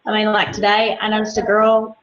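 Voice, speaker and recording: A woman's voice: mid-range voice, completely flat delivery, a little fast, a bit bright. A woman in a casual group discussion, telling an office story with many "you know"s. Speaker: discussion participant. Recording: dull sound, faint noise.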